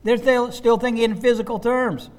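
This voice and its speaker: A pastor preaching a sermon, earnest with playful asides. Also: male voice, extremely high pitch, level tone, moderate pace.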